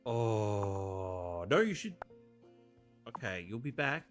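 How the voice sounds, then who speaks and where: A man's voice: lowish voice, slow pace, long pauses, soft background music. A man casually commenting on a farming game playthrough, joking and talking to the characters. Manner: animated, jokey, talks to game characters. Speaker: streamer.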